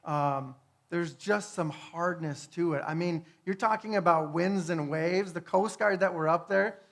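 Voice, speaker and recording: Man, higher voice, earnest testimony sermon, conversational, hushed to fervent. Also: a little slow, gravelly. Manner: tag questions, fillers. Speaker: speaker.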